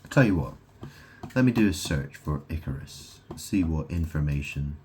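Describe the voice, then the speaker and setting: A man giving a rambling solo monologue, making grand declarations, then reading aloud haltingly and stumbling over names. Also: a bass voice, animated, a little mellow, slight background noise. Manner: meandering, self-interrupting, reads aloud haltingly. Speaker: self-styled spiritual speaker.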